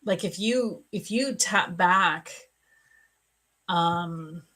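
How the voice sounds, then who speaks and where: A middle-aged woman speaks slowly in a lowish, soft voice, giving a live psychic reading to viewers. Her delivery is earnest and emotional, unhurried and gentle. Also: low-quality recording.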